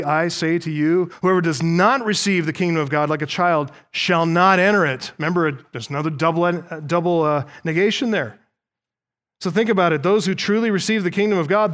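High-voiced man preaching emphatically. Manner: emphatic, asks the congregation rhetorical questions. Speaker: pastor. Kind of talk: sermon.

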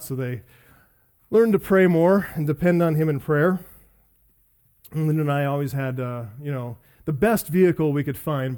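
A middle-aged man preaching a sermon in a voice that sits a little high for a man. He poses earnest questions to his listeners and slips in personal stories told with a self-deprecating humor. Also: a little mellow. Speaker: pastor.

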